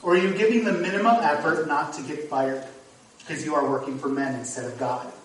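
A man's voice: fairly high pitch, a little fast. A man preaching a sermon as pastor, earnest and at times emphatic. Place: church sanctuary. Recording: echoey hall, mic from far off. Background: congregation.

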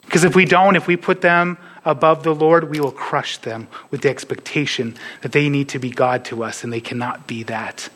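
Man, pastor, sermon, earnest, hushed at key points, slightly high voice. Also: fairly even intonation, moderate pace, few pauses. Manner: earnest preaching, drops to a hush on key points.

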